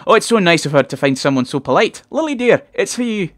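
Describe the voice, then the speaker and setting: A man voicing a cheerful, overenthusiastic middle-aged Scottish mother with a Glaswegian accent, in a high, gushing voice. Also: big pitch swings, fast talker, fairly bright tone, no room sound, studio quality.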